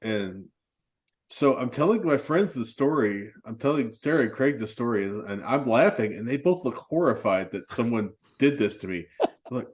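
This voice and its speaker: A man's voice: mid-range voice, lively intonation, normal speed. A man co-hosting a film podcast, telling long rambling anecdotes in casual chat and laughing at himself. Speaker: podcast co-host.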